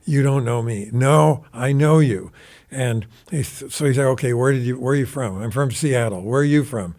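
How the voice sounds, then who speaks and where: An older man in his seventies holds the floor in a studio, spinning a long story with loose, rambling energy. His voice sits at an ordinary middle pitch, and he drops casual swear words as he talks. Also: normal speed, a little mellow. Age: 70s. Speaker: guest guitarist. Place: recording studio.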